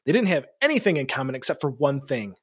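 A man co-hosting a podcast, telling absurd comic stories in a casual, animated way and laughing often. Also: medium pitch, fast talker, slightly rough, dry recording, clean studio sound. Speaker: podcast co-host. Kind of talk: casual comedic storytelling.

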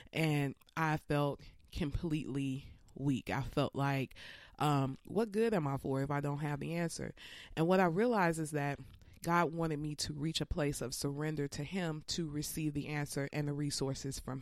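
A woman in her thirties hosting her own podcast, sounding stuffy and congested from a cold, speaking earnestly with frequent pauses and fillers. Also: low voice, steady tone, a little mellow, dry recording, clean studio sound. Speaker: podcast host. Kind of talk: personal reflective podcast talk.

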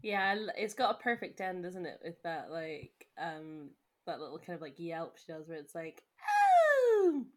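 Chatty low-voiced young woman podcaster. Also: steady tone, moderate pace, few pauses. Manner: chatty, laughs often, trails off in filler words. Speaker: podcast co-host. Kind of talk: casual chat.

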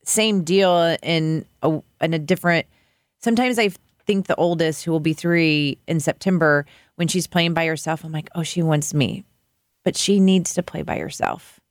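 A woman in her thirties, co-hosting a podcast in casual chat, emotional and quick to agree. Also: deep voice, dry recording, clean studio sound. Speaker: podcast co-host.

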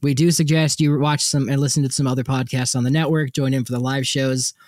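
A young man co-hosting a podcast, telling stories in a casual, animated way with lots of laughter. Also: fairly quick, dry recording, studio quality. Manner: animated, laughing, frequent likes and jumpy pitch. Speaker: podcast co-host. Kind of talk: casual storytelling chat.

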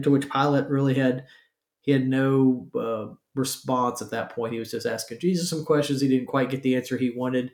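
A man's voice: mid-range voice, darkish tone, roomy sound. A man preaching a conversational sermon, full of fillers and checking in with "right?". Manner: casual, asks "right?" often, many fillers. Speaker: pastor.

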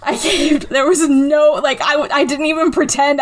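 A woman's voice: sits high, moderate pace, hardly any pauses, heavy background noise. Giggly young woman podcast co-host. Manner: giggly, animated storyteller, swears freely. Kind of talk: casual chat.

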